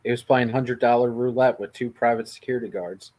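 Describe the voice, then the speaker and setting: A man hosting a casual podcast chat, relaxed and making dry remarks. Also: mid-range voice, brisk.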